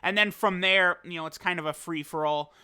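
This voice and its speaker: A man's voice: high voice, fairly even intonation, fairly quick, bright, forceful tone, smooth. A young man giving casual commentary on a mobile game, hesitant as he thinks aloud. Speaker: mobile game video creator.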